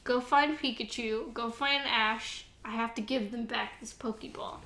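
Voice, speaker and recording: A woman's voice: a little high, steady tone, measured pace, pushed and bright, roomy sound. A woman voicing a guilty, defiant young male rival in clipped, blunt lines, in a casual podcast retelling.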